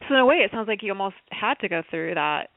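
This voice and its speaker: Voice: mid-range voice, animated, fast, no room sound. An interview host asking questions and responding with encouraging, affirming remarks. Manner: encouraging, with frequent affirming sounds. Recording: dry, phone-like narrow sound.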